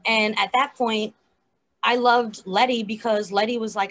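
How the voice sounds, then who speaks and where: A woman's voice: on the high side, steady tone, measured pace, fairly bright tone. A woman co-hosting a podcast, chatting animatedly about a TV episode with lots of fillers. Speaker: podcast co-host. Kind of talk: casual chat reviewing a TV episode.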